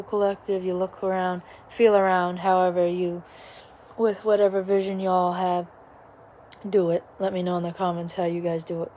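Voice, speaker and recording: This young woman vlogger speaks in a mid-range voice with slight background noise, filming in her small home's living room. She's a chatty, rambling storyteller who drops in lots of asides and quoted voices.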